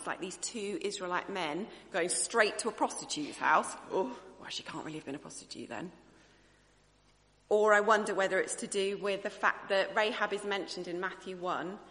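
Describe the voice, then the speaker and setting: Bright-voiced woman preacher, reverberant. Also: mid-range voice. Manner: conversational, earnest, thinking aloud. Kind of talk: sermon.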